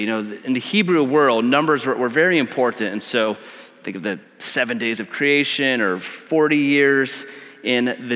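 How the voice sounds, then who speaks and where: A male pastor preaching a sermon in a relaxed, conversational way, telling self-deprecating stories with frequent stammered restarts. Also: a little high. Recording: long church hall reverb.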